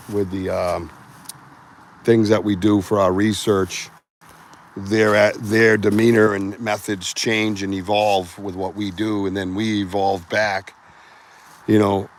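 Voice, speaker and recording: Hushed low-voiced Boston man in woods. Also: slight background noise, rough recording. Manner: hushed, muttering, with loose fillers. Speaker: vlog host, Bigfoot researcher. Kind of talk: casual field vlog. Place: outdoors in woods.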